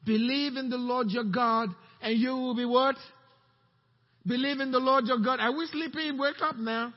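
A pastor preaching a sermon, questioning the congregation and calling out to them. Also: male voice, very high-pitched, steady tone, normal speed, in a large hall, highs cut off. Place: church sanctuary.

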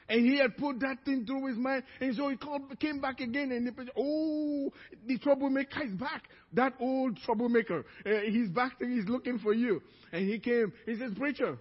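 A pastor preaching a sermon, telling stories and acting out the people in them. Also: male voice, very high voice, expressive, moderate pace, husky. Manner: storytelling, acts out quoted voices. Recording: muffled church recording, long reverb.

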